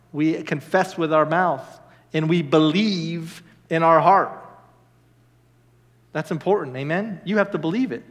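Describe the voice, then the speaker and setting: A young man preaching a sermon as minister, animated and enthusiastic, often asking "amen?". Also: fairly high pitch. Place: church sanctuary. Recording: long church reverb.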